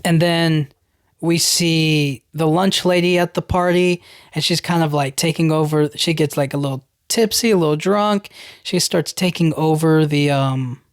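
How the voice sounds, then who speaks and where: A man's voice: a little high, fairly even intonation, unhurried, clear, resonant tone, dry recording. Rambling young man, dry close sound. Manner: rambling, full of "you know what I mean" and "like". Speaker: podcast host. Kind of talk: casual film recap.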